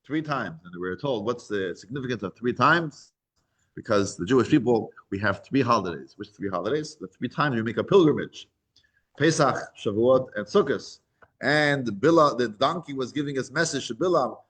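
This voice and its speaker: A man teaching a scripture class, retelling the story with lively animation and acting out the voices. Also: mid-range voice, moderate pace, slightly rough.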